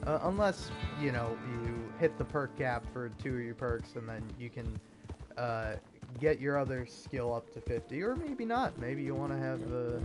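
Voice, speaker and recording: A man gives loose, casual commentary over gameplay, stumbling through filler words as he thinks aloud. His voice sits at an ordinary middle pitch. Game music plays clearly behind him, with horse hooves clip-clopping. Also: fairly even intonation, moderate pace. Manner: rambling, hesitant, lots of filler words. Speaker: gaming video host.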